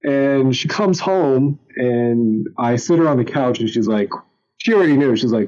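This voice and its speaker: A man's voice: mid-range voice, lively intonation, normal speed, a little mellow, lo-fi sound. A young man telling a personal story in casual chat, candid and frank, often raising his voice to act out what others said. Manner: candid storytelling, acts out quotes in raised voices. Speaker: podcast guest.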